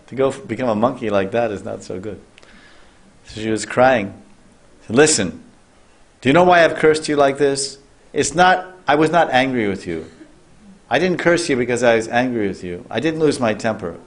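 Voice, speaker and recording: A man at middle pitch tells a sacred story as a sermon. He talks loosely, restarts his phrases and turns to the listeners with questions. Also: lively intonation, moderate pace, pauses often. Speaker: spiritual teacher.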